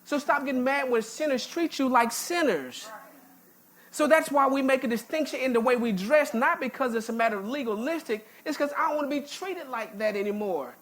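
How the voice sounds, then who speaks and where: A woman pastor with a high voice preaches a little quickly in a church sanctuary. Her sermon is folksy and emphatic, full of informal jokes, and she often repeats words as she restarts.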